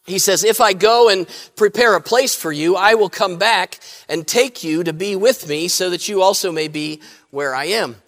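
A man with a fairly high voice delivers a sermon from the pulpit. He speaks plainly, and he often restarts his phrases with fillers. His words trail off into the long reverb of a church. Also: normal speed, fairly bright tone. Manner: plain-spoken, frequent fillers and repeated starts. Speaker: pastor. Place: church sanctuary.

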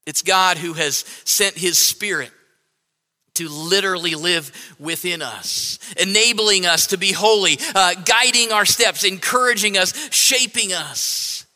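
A man preaching a sermon as pastor, repeating phrases with halting restarts and emphatic lists. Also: high voice, bright, forceful tone, long reverb tail.

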